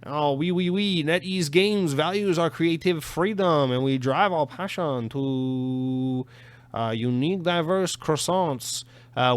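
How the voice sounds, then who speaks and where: A man's voice: fairly high pitch, pitched above the performer's own voice, close to an everyday voice. A man voicing a pompous French studio boss in an exaggerated mock accent, stretching out his words.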